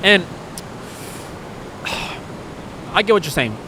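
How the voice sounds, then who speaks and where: Earnest male podcast co-host, rambling and emotional, slightly high voice, faint background hiss. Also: big pitch swings, very slow. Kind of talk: candid podcast conversation.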